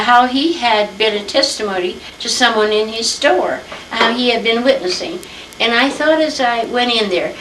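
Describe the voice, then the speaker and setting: An older woman from Iowa tells a family history story in an unhurried, chatty way. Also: on the high side. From Iowa, USA. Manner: unhurried, chatty, acts out old conversations. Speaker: interviewee telling family history. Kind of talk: reminiscing storytelling. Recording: roomy home recording, distant mic, faint hiss.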